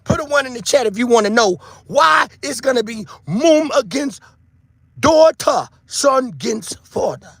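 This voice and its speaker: Man, 50s, bright tense voice, husky, close dry sound, preachy shouting monologue. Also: very high-pitched, a little slow, dry recording. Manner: preachy, animated, swears freely, shouts for emphasis. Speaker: online show host. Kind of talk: casual monologue to viewers.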